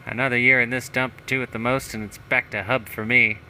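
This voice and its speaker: This is a sleazy mayor who cannot stop admiring his own schemes, as a man puts him on while reading. He sounds smug and boastful and adopts a put-on accent. His tone is piercingly bright. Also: medium pitch, normal speed, a little hiss or hum, voice pushed up, poor audio. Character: sleazy scheming male small-town mayor.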